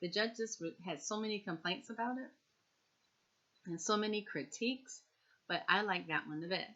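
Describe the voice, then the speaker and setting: A woman's voice: mid-range voice, moderate pace, pushed and bright, dull audio. A woman chatting casually as a TV recap vlogger, repeating herself and talking straight to her viewers.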